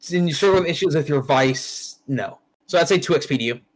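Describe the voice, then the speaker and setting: A man's voice: fairly high pitch, fairly quick, poor audio. A man running a tabletop game as game master, talking casually and bluntly and swearing freely.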